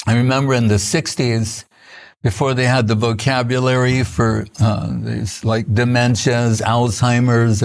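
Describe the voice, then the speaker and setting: Older man giving a rambling spiritual talk. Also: mid-range voice. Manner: conversational storytelling with frequent restarts and soft laughs. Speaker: spiritual teacher. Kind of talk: informal spiritual lecture.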